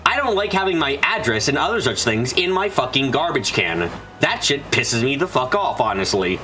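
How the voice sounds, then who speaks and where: Man, let's-play streamer, bright voice, foul-mouthed ranter who talks back to chat. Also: medium pitch, sing-song, normal speed. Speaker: gaming streamer. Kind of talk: casual let's-play commentary.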